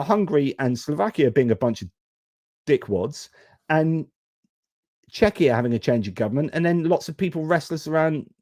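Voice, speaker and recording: A man hosts a live-stream news commentary in a frank, exasperated way, swearing casually. His voice is mellow and warm, and it sounds dry and close. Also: fairly high pitch, no room sound. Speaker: host.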